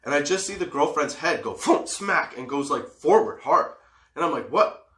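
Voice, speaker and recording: A man's voice: a little high, normal speed. A man in his forties telling a story for a comedy podcast, swearing freely and laughing as he goes. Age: 40s. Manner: profane, animated storyteller who laughs often. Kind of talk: casual storytelling. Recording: roomy echo.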